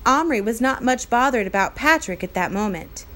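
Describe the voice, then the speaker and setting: A woman with a fairly high voice reads a children's novel aloud. She tells the story clearly and expressively, at an even pace. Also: normal speed. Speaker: reader.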